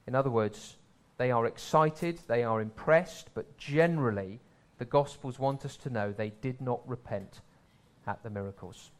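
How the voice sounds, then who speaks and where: A man preaching a sermon in a conversational way, swelling louder for emphasis and dropping low for asides. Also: normal speed.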